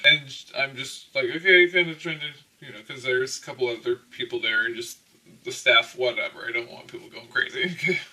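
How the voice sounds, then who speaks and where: A man with a very bright, sharp-edged voice talks his way loosely through a tarot reading, tossing in "okay?" between thoughts. His voice sits a little away from the mic. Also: mid-range voice, a little fast, distant mic, rough recording. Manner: rambling, peppered with "okay?" and laughs. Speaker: tarot reader. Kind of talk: casual spiritual tarot reading.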